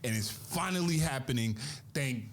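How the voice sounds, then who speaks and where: An animated man co-hosting a relaxed wrestling chat. His voice sits at a middling pitch but swings up and down a lot as he talks. He laughs easily and often doubles back mid-sentence to restart a thought. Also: moderate pace. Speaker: podcast co-host.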